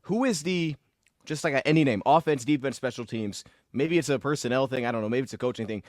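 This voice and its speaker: A man's voice: mid-range voice, brisk, no echo, studio quality. A man co-hosting a casual sports podcast, asking questions in a chatty way. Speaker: podcast co-host, Lions fan.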